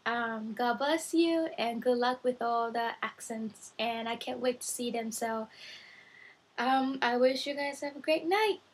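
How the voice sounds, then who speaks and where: A woman's voice: fairly high pitch, measured pace, breathy edge, rough recording. A woman vlogging from her bedroom at night, chatting eagerly and directly to her viewers while teaching Japanese words. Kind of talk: casual vlog talk to viewers.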